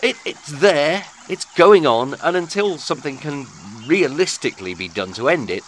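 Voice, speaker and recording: A man's voice: a little high, expressive, moderate pace, a bit bright, a little hiss or hum. A man with a British accent, hosting a podcast with a florid, sardonic scripted monologue. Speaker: podcast host.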